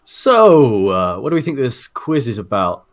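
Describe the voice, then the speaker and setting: A young man taking part in a tabletop game, calm and measured. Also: medium pitch. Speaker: player.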